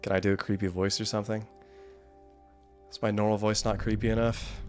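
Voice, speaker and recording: A man's voice: on the low side, flat delivery, brisk, pauses often, soft background music. A man giving casual, wry gameplay commentary, rambling and often laughing. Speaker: gaming YouTuber.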